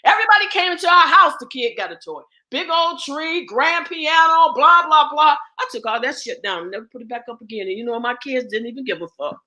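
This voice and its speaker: A woman's voice: sits high, lively intonation, brisk, few pauses, pushed and bright. A woman speaking as a guest and ritual teacher, blunt and profane, preaching with rhetorical questions. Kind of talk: impassioned spoken address.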